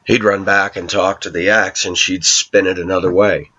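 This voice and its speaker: A man talking to his viewers in a long personal monologue, aggrieved and telling his side, often clearing his throat. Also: low voice, level tone, moderate pace, pushed and bright. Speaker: vlogger addressing viewers. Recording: slightly dull lo-fi recording.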